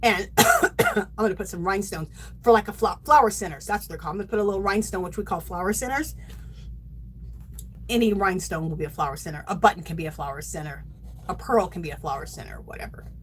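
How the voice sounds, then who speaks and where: A woman's voice: mid-range voice, very animated, quick pace, a little hiss or hum, rough recording. A middle-aged woman hosting a yarn craft livestream, gushing and chatting casually to her viewers.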